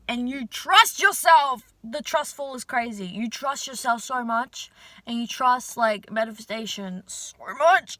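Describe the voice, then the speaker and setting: A woman's voice: fairly high pitch, expressive, measured pace, bright, forceful tone, no room sound. A young woman vlogger chatting casually to her viewers, full of fillers, casual swearing and hype. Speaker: manifestation vlogger.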